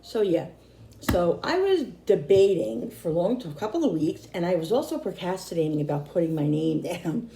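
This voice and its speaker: Speaking to camera at a normal speed, a middle-aged woman vlogger rambles and keeps returning to the same points, though she's animated despite sounding tired. Her voice is low, mellow and a little hoarse, and the echoey sound suggests a bare room.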